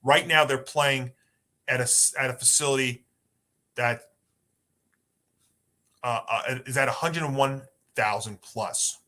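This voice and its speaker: A man's voice: medium pitch, measured pace, pauses often, pushed and bright. A man co-hosting a sports podcast, chatty and rambling through his points. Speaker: podcast co-host. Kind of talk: casual sports talk.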